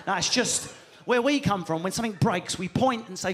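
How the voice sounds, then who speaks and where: British man, stand-up comedian, high voice, noisy live recording. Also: a little fast, few pauses. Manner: animated, swearing, acting out characters. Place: live comedy venue with audience.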